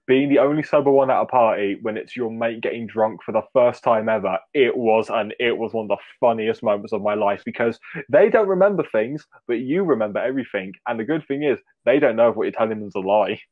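A young man guesting on a podcast, chatting casually and telling animated stories with loud acted-out quotes. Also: lowish voice, fast talker, no echo, narrow, tinny audio. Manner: animated storyteller, acts out quotes loudly. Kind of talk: casual chat.

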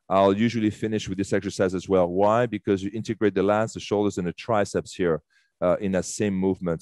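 Low-voiced man coaching. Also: darkish tone, dry recording, studio quality. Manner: chatty and enthusiastic, swears casually, many fillers. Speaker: fitness instructor leading a workshop. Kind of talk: casual live workshop instruction. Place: fitness studio.

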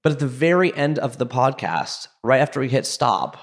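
Chatty excitable male podcast host. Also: medium pitch, moderate pace, creaky. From Canada. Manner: excitable, chatty, self-deprecating, many fillers. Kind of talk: casual storytelling intro.

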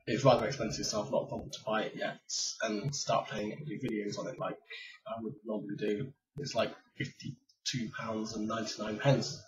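A man's voice: lowish voice, a bit bright. A man of twenty-eight from England, chatting casually at home into a webcam, rambling and self-deprecating with lots of ums. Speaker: vlogger. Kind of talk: casual tag vlog chat. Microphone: webcam mic. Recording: dull lo-fi webcam sound, a bit far from the mic.

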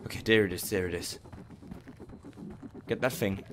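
A man's voice: deep voice, moderate pace, a little hiss or hum. A frightened man, commentating as he plays a horror game, jittery and repeating himself when scared. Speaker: gamer playing a horror game. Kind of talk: nervous horror let's play commentary.

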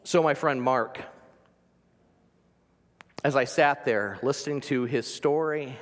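A man preaching a sermon as pastor, earnest, sometimes dropping to a soft near-whisper for emphasis. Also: medium pitch, slow, big-room sound.

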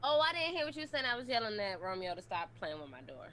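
A woman's voice: medium pitch, quick pace, slight background noise. A woman chatting animatedly with friends during an online party game. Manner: animated storytelling, mimicking. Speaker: player. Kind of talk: casual game banter.

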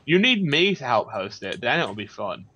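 Playful, lively young man gaming. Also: medium pitch, normal speed. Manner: playful, joking, animated, laughs often. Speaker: co-player. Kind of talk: casual gaming chat.

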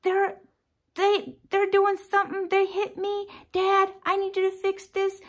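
A woman voicing small children insistently calling for their dad, shrill and pushy. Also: completely flat delivery, measured pace. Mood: clamoring. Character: clamoring little kids calling for dad. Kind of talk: acted quote in a podcast story.

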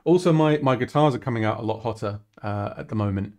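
A man's voice: mid-range voice, fast, a little mellow. A man chatting casually on a live stream while working on a song, talking things through and poking fun at himself. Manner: chatty, self-deprecating, thinking aloud. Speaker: musician streaming his song production.

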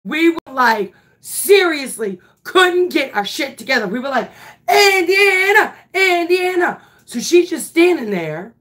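Woman softball coach telling a story, emphatic, swears a bit, takes her time. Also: sits high, measured pace, few pauses. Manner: animated, emphatic, swears casually. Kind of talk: casual storytelling vlog.

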